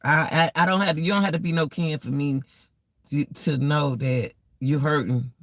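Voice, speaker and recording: A woman's voice: low-pitched, steady tone, normal speed, dry recording. A woman giving casual life advice to her viewers, preachy, repetitive and emotional. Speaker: vlogger.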